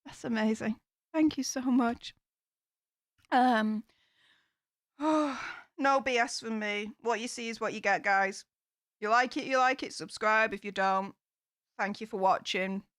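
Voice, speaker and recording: A woman hosting a live stream in a high, bright-pitched voice, gushing over her viewers with warm thanks. She takes her time with her words, unhurried and chatty. Her voice sounds close and dry, with no room around it. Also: no echo. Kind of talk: casual live-stream chat.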